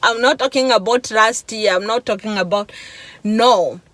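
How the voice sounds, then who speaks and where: A woman's voice: a little high, moderate pace, fairly bright tone, no echo. A young woman vlogger telling a shaken, emotional personal testimony, repeating herself and slipping between laughs and near-tears.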